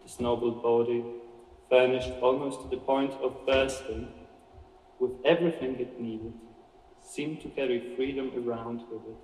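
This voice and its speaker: A man giving a measured, expressive reading of a story aloud, with occasional slips. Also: medium pitch. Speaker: reader. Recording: echoey hall from far off.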